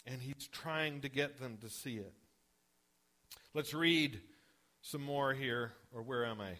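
A man's voice: mid-range voice, slow, sharp tone. A male pastor preaching a sermon in a conversational way, often asking the congregation questions.

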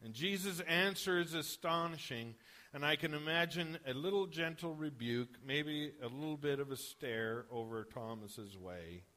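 Bright-voiced male preacher. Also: on the high side, normal speed. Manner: conversational, asks the congregation questions. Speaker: pastor. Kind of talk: sermon.

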